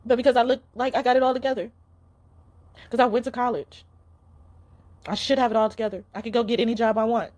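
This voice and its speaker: A woman's voice: fairly high pitch, steady tone, quick pace, long pauses, a little mellow. A young woman giving a casual spiritual card reading, talking in an earnest, emotional, pleading way.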